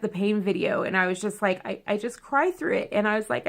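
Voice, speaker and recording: A woman talking casually to her viewers. Her voice is gravelly, with a lot of vocal fry. She rambles from one tangent to the next and stays emotional and expressive throughout. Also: medium pitch, a little fast, few pauses. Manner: rambling and chatty, full of tangents and self-corrections. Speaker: vlogger. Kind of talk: casual chat to camera.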